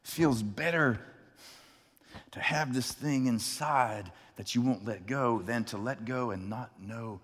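A man preaching a sermon, telling a personal story and acting out the people in it with lively energy. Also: mid-range voice, slow pace, big-room sound. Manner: animated, acts out characters in his story. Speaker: pastor.

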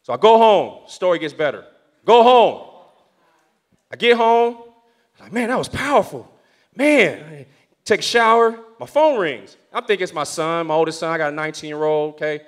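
A male pastor with a high-pitched voice tells a story in the middle of his sermon. He is animated throughout and slips into the voices of the people he describes. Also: normal speed.

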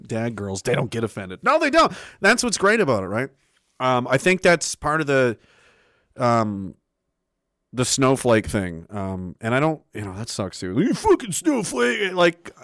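A man's voice: medium pitch, fairly bright tone, no echo, clean studio sound. A man in his thirties talking in a loose, profane, rambling monologue, laughing often and restarting his sentences as a host. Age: 30s.

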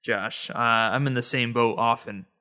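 A man's voice: medium pitch, steady tone, unhurried, pushed and bright. A man hosting a podcast alone, talking to listeners in a chatty, easygoing way. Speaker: podcast host. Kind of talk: casual solo podcast monologue.

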